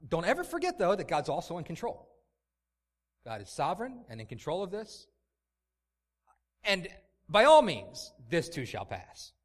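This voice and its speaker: A man's voice: high voice, wildly swooping pitch, very fast, few pauses, mellow, voice pushed up, exaggerated voice. A man putting on the voice of a glib, preachy man who offers tidy platitudes in a mocking, sing-song tone.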